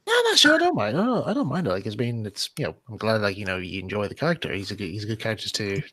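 A man hosting a live stream, chatting casually in an animated way with quick laughs and restarts. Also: fairly low pitch. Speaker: voice actor and stream host.

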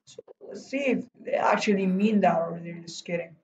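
A man giving live commentary while streaming a game, urging himself on and breaking into loud whoa and no cries. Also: high voice, fairly even intonation, normal speed, roomy sound, lo-fi sound. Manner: talks to himself and urges teammates on. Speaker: gaming streamer.

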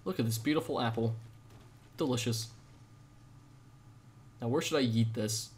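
A young man live-streaming a game, chatting with viewers in a jokey, rambling way with sudden loud outbursts. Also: medium pitch, moderate pace, slight background noise. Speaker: gaming streamer. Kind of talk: live gameplay commentary with chat.

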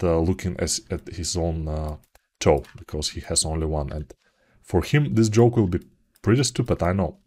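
Bulgarian-accented man, middle-aged, low-pitched, rambling tutor voice. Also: warm tone. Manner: rambling, self-mocking, jokey asides. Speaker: 3D art tutor. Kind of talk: live commented modeling tutorial.

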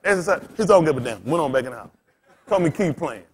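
A man preaching in loose storytelling style as a pastor, blunt and cussing, laughing as he swings between loud bursts and quiet asides. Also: on the high side, fairly quick. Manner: blunt, street-talking, cussing. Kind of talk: storytelling sermon.

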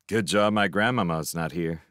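A man's voice: low-pitched, moderate pace, a bit bright, no room sound, studio quality. A man voicing a cheerful, cocky teenage boy in a storybook reading, breezy and teasing. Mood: chatty.

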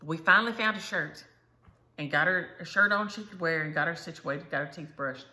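A woman's voice: deep voice, a little fast, pushed and bright. An older woman, telling stories in casual, chatty talk as host of her stitching channel. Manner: chatty storyteller, says "y'all". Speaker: Flosstube host. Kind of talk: casual chat.

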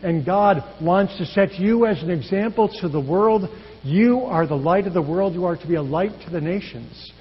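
A male pastor preaching a sermon in an earnest, measured way, his phrases often trailing off softly. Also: high-pitched, husky. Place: church sanctuary. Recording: dull echoey church hall.

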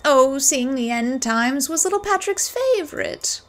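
Brief: woman playing an eerie old grandma, gentle and doting, high voice. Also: lively intonation, measured pace. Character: sweet creepy old granny.

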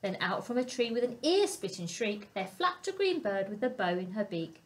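A woman storyteller reading a picture book aloud to young children, expressive and asking them questions. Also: a little high, normal speed, hardly any pauses. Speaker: family centre storyteller.

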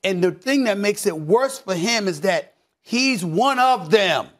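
Animated, high-pitched man ranting. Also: a little slow. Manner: emphatic, repeats phrases, swings from low mutter to shouting. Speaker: sports commentator. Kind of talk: heated sports debate.

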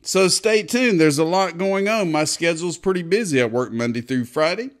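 A man's voice: fairly high pitch, lively intonation, moderate pace. A man in his fifties from Texas, hosting a casual crypto commentary video in a blunt, profane, talkative way. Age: 50s. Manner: blunt, profane, chatty with swings of loudness. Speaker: crypto show host.

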